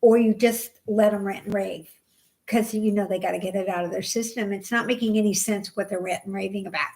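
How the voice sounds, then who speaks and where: A middle-aged woman co-hosting a knitting podcast in casual chat, ranting with bursts of loud exasperation. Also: mid-range voice, fairly even intonation, a little fast. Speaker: podcast co-host.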